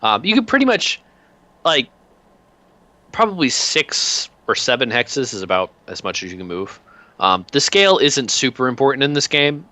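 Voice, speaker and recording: A man narrating a tabletop game as game master, relaxed and full of filler sounds. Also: mid-range voice, moderate pace, dry recording.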